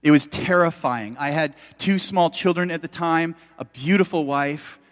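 Middle-aged guy preaching, chatty and emphatic, kinda high voice, long echo like a big hall. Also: normal speed. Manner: conversational, emphatic, addresses audience directly. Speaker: pastor. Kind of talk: sermon.

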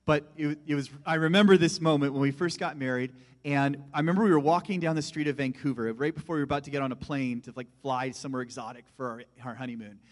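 A middle-aged man preaching a sermon, animated, moving between loud emphasis and hushed asides. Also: mid-range voice, quick pace. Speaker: pastor. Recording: long hall reverb.

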